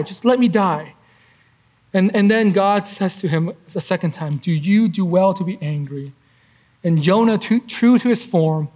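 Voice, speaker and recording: A man giving conversational Bible teaching as a preacher, earnest, asking rhetorical questions and often restarting his phrases. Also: high voice.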